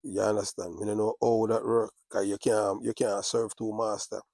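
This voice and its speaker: A man's voice: on the low side, little pitch movement, moderate pace, darkish tone, dry recording, clean studio sound. A man with a Jamaican accent, talking in a casual monologue with repetitive, boastful, patois-laced street talk.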